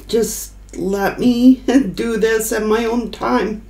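A woman gives a slow, unhurried tarot reading in a fairly high voice. She sounds emotional and choked up, and stops now and then to collect herself. The room around her is echoey. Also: steady tone, creaky, darkish tone. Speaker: tarot reader.

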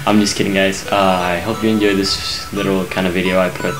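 A man's voice: deep voice, flat delivery, fairly quick, over music, rough recording. A young man venting in a casual vlog rant to his viewers, angry, rambling and swearing a lot. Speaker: YouTube gamer venting to viewers.

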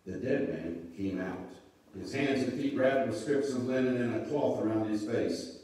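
A man leading a church service, reading scripture and then talking gently and folksily to children. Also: mid-range voice, moderate pace. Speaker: pastor leading children's moment. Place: church sanctuary. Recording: echoey church room, mic far off.

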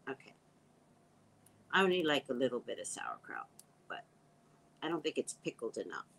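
A woman's voice: a bass voice, wildly swooping pitch, moderate pace, gravelly, fairly bright tone, slight background noise, poor audio. A woman hosting a casual livestream, reading viewer comments aloud and reacting in a chatty way, sometimes dropping to a whisper. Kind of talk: casual live chat.

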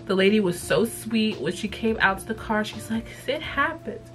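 A young woman vlogger casually retelling a cartoon episode in a profane, slangy, animated way. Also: mid-range voice, normal speed, soft background music. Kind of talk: casual chat.

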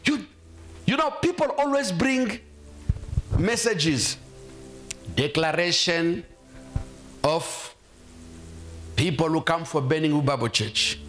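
A man's voice: a little high, expressive, takes it slowly, pauses often, fairly bright tone, soft background music. A male pastor preaching a sermon in a church, emphatic, quizzing the congregation and acting out quoted voices. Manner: emphatic, asks the congregation questions and acts out quotes.

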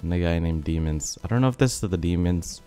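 Laid-back young man with a deep voice. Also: animated, quick pace, mellow. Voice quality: slightly sick, rough voice. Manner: rambling, filler-heavy, laid-back. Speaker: gaming video host. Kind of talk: casual commentary over gameplay. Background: faint background music.

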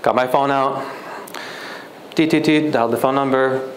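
A man's voice: mid-range voice, steady tone, moderate pace, reverberant, a little hiss or hum, poor audio. A young man, a guest speaker at a church retreat, telling a personal story in a conversational way and acting out the dialogue. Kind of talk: sermon storytelling.

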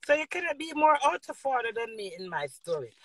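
A woman's voice: on the high side, big pitch swings, quick pace, fairly bright tone, husky, dry recording. A middle-aged woman from Jamaica with a Jamaican accent, ranting boisterously to her viewers in patois and laughing often. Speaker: vlogger. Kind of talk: casual rambling rant to viewers.

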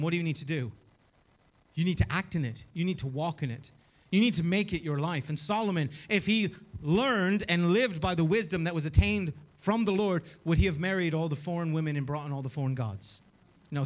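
A man's voice: on the high side, lively intonation, fairly quick. A man preaching a sermon as a pastor, emphatic and full of rhetorical questions. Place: church.

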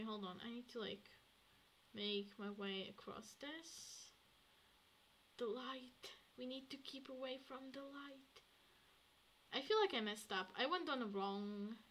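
A woman streaming a game, chatting to herself and swinging between hushed murmurs and excited outbursts. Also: a little high, a little hiss or hum. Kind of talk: casual gameplay commentary.

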